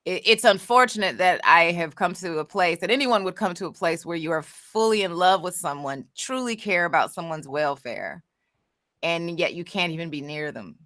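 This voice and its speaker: Bright-voiced woman co-hosting a chat show. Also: on the low side, animated, moderate pace, dry recording, clean studio sound. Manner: candid, reflective, trailing restarts. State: emotional after crying. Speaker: co-host. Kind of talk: casual podcast chat.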